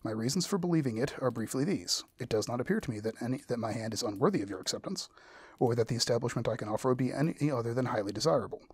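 A man reading the lines of a pompous, self-satisfied male clergyman proposing marriage, in a husky voice. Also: medium pitch, expressive, racing, a little mellow, no room sound. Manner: long-winded formal proposal, read aloud.

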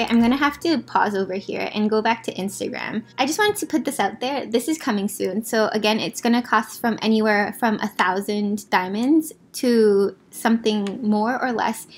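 Chatty young woman gushing over game outfits. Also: fairly high pitch. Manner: chatty, apologetic asides, gushing about outfits. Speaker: gaming video host. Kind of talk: casual gameplay commentary. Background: faint background music.

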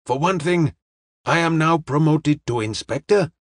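A man's voice: on the high side, dry recording, clean studio sound, voice pushed up. Man voicing a courteous, formal detective. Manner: measured, courteous, clipped formal phrasing. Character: polite, formal middle-aged male detective. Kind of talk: audiobook character reading.

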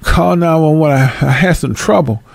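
A woman's voice: low voice, moderate pace, creaky, a little mellow, husky, no room sound, full character voice. A man imitating a frail old woman who hesitantly begs for help. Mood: pleading. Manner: pleading, hesitant.

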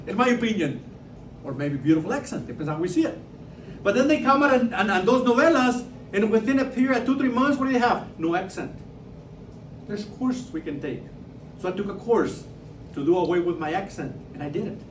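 A man with a Mexican Spanish accent lectures an audience, leaning on repeated words and rhetorical questions. His voice sits high. It echoes around the room and is picked up from a distance. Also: a little hiss or hum. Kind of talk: public lecture. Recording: roomy sound from far off.

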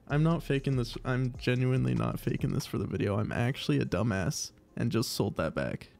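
A man's voice: mid-range voice, moderate pace. Man, casual gaming commentary, cursing, exasperated, faint background music. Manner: swearing, pleading and exasperated. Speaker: case-opening YouTuber.

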